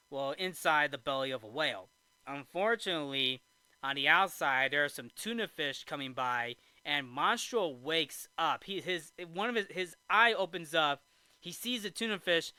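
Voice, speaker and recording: A man's voice: fairly high pitch, pushed and bright, clear, resonant tone, no room sound. A man hosting a movie review show, casually recapping a film in a rambling way with restarts and asides.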